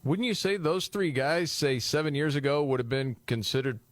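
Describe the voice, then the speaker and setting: A man's voice: a little high, moderate pace, no echo. A man co-hosting a casual news talk podcast, teasing his co-hosts and steering the chat with questions. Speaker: podcast co-host leading the segment.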